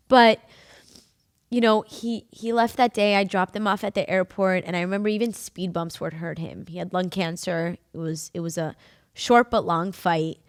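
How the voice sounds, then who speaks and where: A woman's voice: mid-range voice, no echo. Young woman podcast host, candid and emotional storyteller, casual fillers, dry close sound. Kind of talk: personal storytelling.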